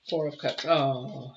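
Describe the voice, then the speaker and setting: A middle-aged woman giving a live intuitive tarot reading, emotional and exclamatory, moving between loud bursts and soft murmurs. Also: a bass voice, gravelly. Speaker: tarot reader. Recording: slightly dull, faint noise.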